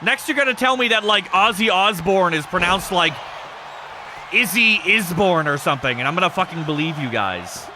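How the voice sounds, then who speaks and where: A man hosting a livestream, chatting casually with viewers. He jokes, swears often and breaks into sudden shouts. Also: high voice, brisk, hardly any pauses, noisy background. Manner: excitable, joking, swears a lot, bursts into shouts. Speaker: streamer host of a wrestling show.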